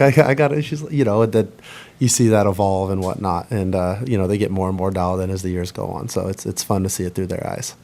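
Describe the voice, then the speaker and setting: A man in his thirties, a baseball pitcher, answering press conference questions in a rambling, halting way with many fillers. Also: a little mellow.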